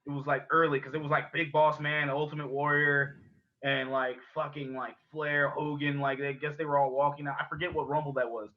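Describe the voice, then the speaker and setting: A man's voice: on the high side, flat delivery, a little fast. Profane rambling man on a podcast. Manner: profane, rambling storyteller who laughs at his own stories. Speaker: podcast co-host. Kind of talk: casual chat. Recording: dull lo-fi podcast audio.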